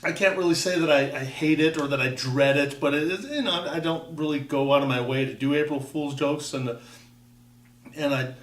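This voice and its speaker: A man's voice: fairly high pitch, moderate pace, fairly bright tone, recorded from a distance. A man in his fifties from Wisconsin wanders through a personal story, stopping and restarting with dry, self-mocking asides. He sits back from the microphone in an echoey room. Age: 50s. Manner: rambling, self-interrupting, wry. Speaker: vlogger. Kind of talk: casual personal monologue.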